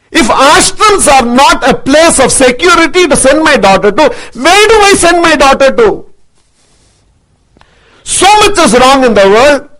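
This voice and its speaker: A man giving an impassioned, forceful speech to an audience, intense and repetitive in his rhetoric. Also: very high voice, rough recording. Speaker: motivational speaker.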